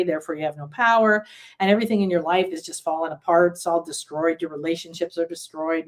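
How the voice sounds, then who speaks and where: Woman, healing teacher; animated, acts out emotions in short outbursts. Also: on the low side.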